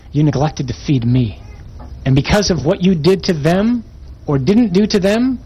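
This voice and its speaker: Man, preacher, sermon, emphatic, slightly raised pitch, husky. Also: mellow, rough recording. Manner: emphatic, reads scripture aloud with rising intensity.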